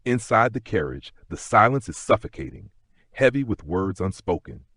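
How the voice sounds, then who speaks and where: A man gently narrating a sleep story in the second person, with unhurried storytelling. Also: fairly low pitch, sing-song, breathy edge, dry recording, studio quality.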